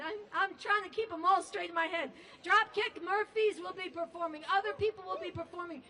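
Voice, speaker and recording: A woman protest organizer giving a rally speech outdoors, briskly announcing upcoming actions and introducing the next act. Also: very high-pitched, bright, forceful tone, distant mic.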